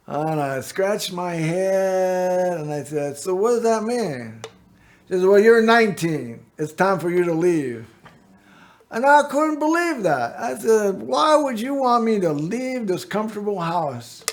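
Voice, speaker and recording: A middle-aged man hosts his own local TV show and talks straight to the camera. His voice sits high and he takes his time. He drifts from one story to the next, padding his talk with "you know" and "anyway.". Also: sing-song, unhurried. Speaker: host of a local access TV show. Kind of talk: rambling personal monologue to camera.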